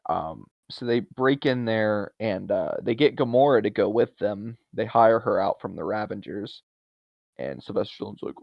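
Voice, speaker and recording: A man co-hosting a podcast, casually recapping a movie scene by scene with quick asides. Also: fairly low pitch, vocal fry, dry recording. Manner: animated retelling, laughs often, quick asides. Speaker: podcast co-host. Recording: dry, dull lo-fi sound.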